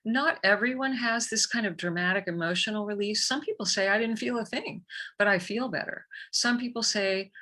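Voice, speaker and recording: Woman, energy healer guest, bright forceful voice, animated storyteller. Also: mid-range voice, moderate pace. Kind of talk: conversational storytelling.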